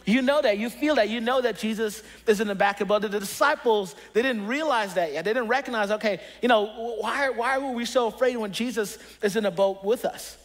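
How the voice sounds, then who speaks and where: A man's voice: sits high, a little fast, hardly any pauses. A pastor preaching a conversational sermon, earnest and personal, often restarting his sentences as he tells stories.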